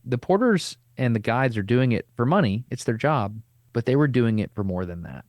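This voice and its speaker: A middle-aged man hosting a podcast, telling a long personal story in a casual, animated way, with easy slang. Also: medium pitch, moderate pace, no room sound. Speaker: podcast host.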